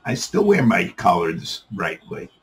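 A man's voice: low voice, huge pitch swings, moderate pace, slightly rough, exaggerated voice. A man voicing a plain-spoken, shrewd old Jewish man in a joke. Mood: matter-of-fact.

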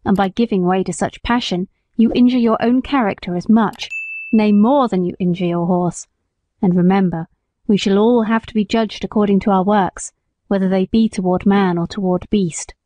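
Stern old-fashioned squire, woman reading him, mellow tone, earnest and firm. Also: mid-range voice, fairly even intonation, normal speed, muffled recording, a little hiss or hum, natural voice. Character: stern kindly male country squire. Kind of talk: audiobook reading.

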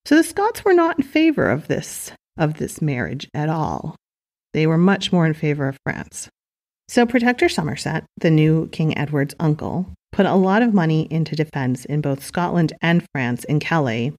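Low-voiced woman narrating history casually. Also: sing-song, normal speed, a little mellow. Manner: casual, chatty asides to listeners. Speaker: history podcast host.

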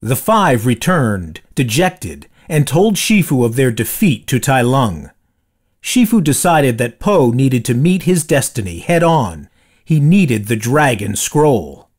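A man reading a children's storybook aloud with expressive, dramatic storytelling. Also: medium pitch, slow, slightly rough. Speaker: storybook reader. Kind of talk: read-aloud storybook narration.

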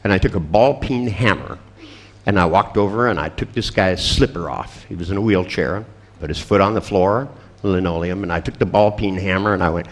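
Animated, profane male storyteller. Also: lowish voice, fairly quick. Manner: profane, laughing storyteller acting out dialogue. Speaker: seminar speaker. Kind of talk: storytelling talk to an audience.

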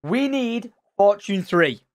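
Excitable man gaming. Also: sits high, slow pace, no echo. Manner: excitable, shouts and squeals at surprises. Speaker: gaming channel host. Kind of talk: Minecraft let's play commentary.

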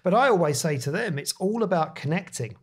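A man's voice: high-pitched, lively intonation, a little fast, breathy edge. A man hosting a podcast, talking in an emphatic, insistent way. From London. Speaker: podcast host and artist. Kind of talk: casual podcast chat.

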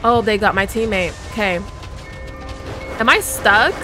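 Over background game music, a woman streamer delivers animated, measured commentary in a medium-pitched voice. Speaking straight to her audience in a chatty way, she throws in theatrical fits of fake indignation.

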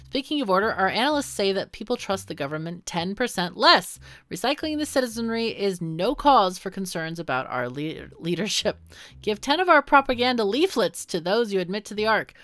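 An oily, overly polite propaganda official from a dystopian video game, read aloud by a woman. The speech is formal and ingratiating, with animated rises and falls. The sound is close and dry. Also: medium pitch, fairly quick, dry recording. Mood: smooth. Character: smooth male propaganda official.

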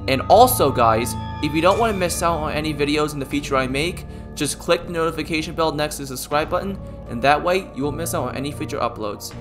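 A man's voice: fairly high pitch, fast talker, few pauses, music in the background. A young man closing his channel video with an upbeat, casual sign-off. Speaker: YouTube creator. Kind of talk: channel outro.

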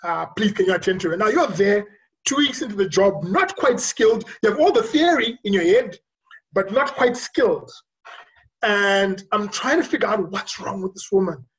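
Physician speaker, earnest, reflective storyteller, pauses often. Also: medium pitch, expressive, rough recording. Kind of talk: virtual conference talk, personal storytelling. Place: remote recording for a virtual conference.

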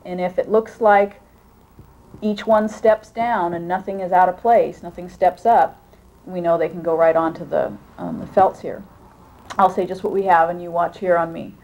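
A woman teacher giving a clear, demonstrative classroom lesson to a group of students. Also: on the low side, fairly even intonation, normal speed, darkish tone, lo-fi sound.

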